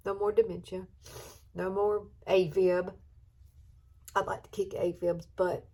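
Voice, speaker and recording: A woman's voice: lowish voice, flat delivery, normal speed, creaky, slightly rough. A woman in her fifties with an Alabama accent, chatting through a makeup routine in a beauty vlog, talking emotionally and sometimes close to tears. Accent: Southern US (Alabama). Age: 50s. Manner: chatty, warm-hearted, emotional. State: tearful at times. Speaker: beauty vlogger. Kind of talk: chatty get-ready-with-me vlog.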